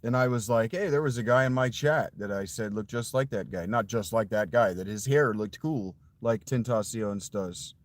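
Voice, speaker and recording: A man's voice: on the low side, normal speed, few pauses, dry recording. A man in a casual livestream chat, rambling and confiding straight to his viewers in a put-on voice that he pushes forward in his throat for a slight distortion.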